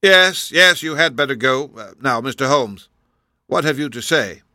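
A man's voice: medium pitch, expressive, moderate pace, bright, forceful tone, dry recording, clean studio sound, pitched above the performer's own voice. A man voicing a stern, aging male duke in an audiobook, clipped and imperious. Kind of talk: audiobook character voice.

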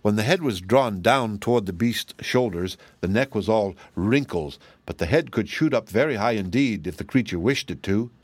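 A man narrating a children's storybook in an expressive, lively reading voice. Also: on the low side, moderate pace, few pauses, no room sound. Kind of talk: audiobook narration.

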